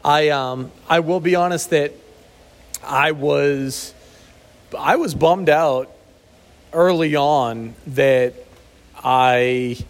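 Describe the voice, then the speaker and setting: A man co-hosts a casual recovery podcast, speaking candidly and reflectively in a fairly high voice. He talks very slowly, pausing often and sometimes searching for words.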